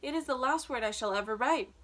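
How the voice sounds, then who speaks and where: A woman reading aloud plays a wise storybook spider who speaks calmly and soothingly. Her voice sits a little high. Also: fairly quick. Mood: gentle. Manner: calm and soothing. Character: wise, gentle female spider.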